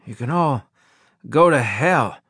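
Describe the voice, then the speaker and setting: A man voicing a surly, raspy soldier who has just been revived. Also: medium pitch, animated, slow pace, a bit bright, no echo, studio quality, pitched above the performer's own voice, exaggerated voice.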